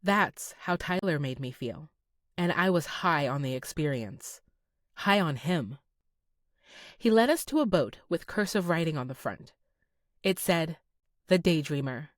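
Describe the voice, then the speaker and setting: Low-voiced woman narrating a romance. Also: dry recording, clean studio sound. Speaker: audiobook narrator. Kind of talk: first-person romance narration. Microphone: close studio mic.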